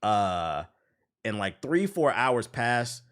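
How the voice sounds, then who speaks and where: A man's voice: mid-range voice, sing-song, slow pace, a bit bright. A man streaming a game while telling a long story in casual, slangy, profane speech. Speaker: gaming streamer.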